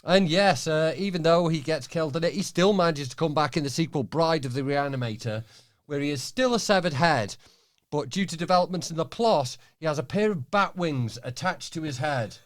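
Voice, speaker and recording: Male podcast guest with a higher-pitched voice, lively and crude-humored. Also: fairly quick. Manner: animated, crude and jokey. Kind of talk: casual film chat.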